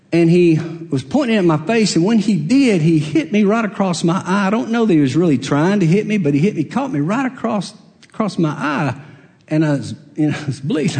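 The sermon comes from a man from Alabama, USA, whose voice is a little high and a little mellow, with big-room sound. He shares a personal story in a chatty, folksy way, laughing and putting himself down as he tells it.

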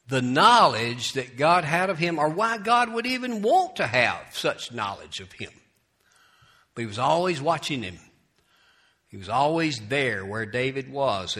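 A male pastor with a bright, forceful tone, preaching a sermon. He moves between quiet, folksy asides and loud, emphatic scripture reading. He often restarts his phrases. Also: mid-range voice.

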